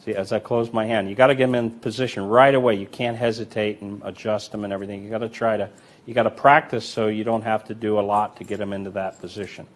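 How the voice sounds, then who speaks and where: A man's voice: fairly low pitch, fast talker. A man casually teaching a coin sleight-of-hand routine, counting coins aloud as he demonstrates and telling stories of older magicians. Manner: relaxed, conversational, tells anecdotes with acted quotes.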